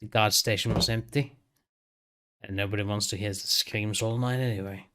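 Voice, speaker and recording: A man playing a tabletop game, brisk and practical. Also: lowish voice, steady tone, sharp tone. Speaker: player. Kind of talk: casual tabletop play.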